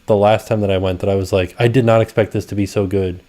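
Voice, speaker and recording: A man's voice: fairly low pitch, fairly even intonation, fast talker, dark tone. A man co-hosting a live stream, chatting casually and often trailing off and restarting his sentences. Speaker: co-host.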